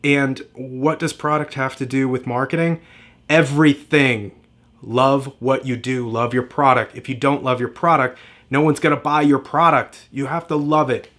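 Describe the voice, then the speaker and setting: A man's voice: medium pitch, fairly even intonation, moderate pace, fairly bright tone. Emphatic man coaching on marketing. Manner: emphatic, repetitive, motivational. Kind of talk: direct-to-camera marketing lesson.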